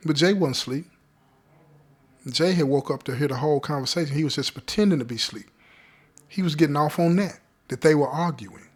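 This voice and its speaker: A man's voice: medium pitch, fast talker. A man hosting a show, telling a story in a casual, conversational way with street slang, often checking in with his listeners. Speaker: podcast host telling a story.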